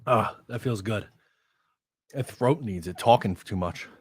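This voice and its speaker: A man hosting a live stream, chatting casually and bluntly, excitable and a bit out of breath. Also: on the low side, a little slow, slightly rough. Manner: excitable, blunt, reacts to chat.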